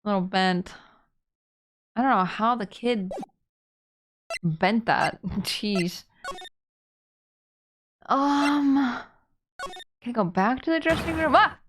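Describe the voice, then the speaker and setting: A woman streaming a game live, chatting and reading its dialogue aloud with giggles and loud excited outbursts. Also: fairly high pitch, slow pace, long pauses, slight background noise.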